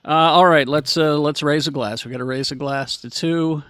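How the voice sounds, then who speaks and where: A man's voice: on the high side, steady tone, moderate pace, a bit bright, dry recording, studio quality. A man hosting a casual podcast chat, joking and laughing easily with his co-hosts. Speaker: radio host.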